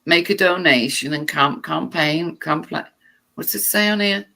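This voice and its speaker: A woman reads text aloud at a slow, unhurried pace, her voice gravelly with fry. She keeps breaking off for sarcastic, irritated asides. Her tone stays bright and tense throughout. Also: sits low. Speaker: vlogger.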